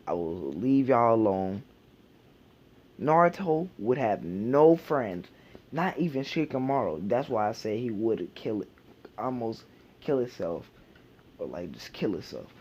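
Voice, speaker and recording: A man's voice: mid-range voice, big pitch swings, a little slow, a little mellow, breathy edge. A man casually retelling a fan fiction idea, rambling with many fillers and restarts. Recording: dull lo-fi home recording.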